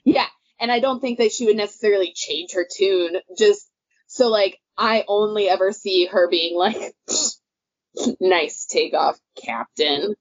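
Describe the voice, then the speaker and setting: A woman's voice: mid-range voice, normal speed, no room sound. Woman book-podcast co-host, rambling and filler-heavy; dry, dull recording. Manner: rambling, many "like" fillers, laughs easily. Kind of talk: casual book discussion.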